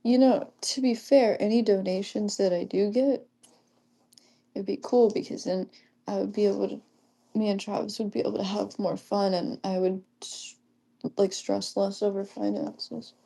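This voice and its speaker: Giggly gravelly-voiced young woman streamer. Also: medium pitch, steady tone, moderate pace. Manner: reads chat aloud, giggly, hushed, keeping quiet. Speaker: livestreamer. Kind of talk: casual livestream chat.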